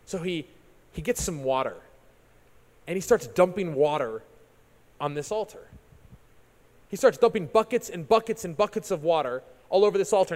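Man preaching, storytelling sermon, kinda high voice, repeats himself a lot, big church echo. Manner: animated, repeats phrases when restarting. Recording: long reverb of a large hall.

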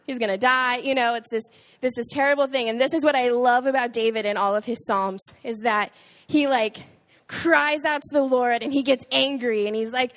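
A woman's voice: high voice, steady tone, normal speed, a bit bright. A young woman, a small group leader, giving a casual, chatty Bible talk to a youth group, with many filler "likes".

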